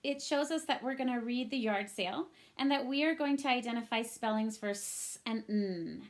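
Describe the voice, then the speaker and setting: A woman's voice: on the high side, normal speed. A young woman teaching a recorded phonics lesson to young children at home, upbeat and patient, talking straight to the kids.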